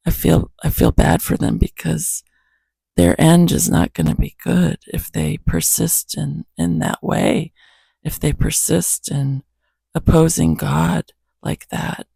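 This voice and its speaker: A man with a hoarse morning voice reads Bible verses slowly and earnestly, then reflects on them and prays. His raised, gravelly voice sounds husky, and the sound is close and dry. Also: a little high, warm tone, no echo. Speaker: host reading scripture to his cat. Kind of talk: casual Bible reading, reflection and prayer.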